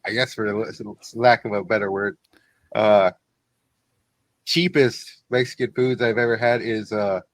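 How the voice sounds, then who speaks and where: A man's voice: on the low side, fairly even intonation, a little slow, no echo, low-quality recording. A man chatting and joking on a casual podcast panel.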